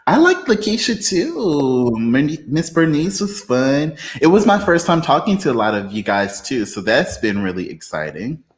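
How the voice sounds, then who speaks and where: A man hosting a casual livestream chat, reading viewer comments aloud, laid-back and quick to laugh, a little tipsy after a few beers. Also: on the high side, very animated. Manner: laid-back, laughs often, drawn-out fillers. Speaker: livestream host.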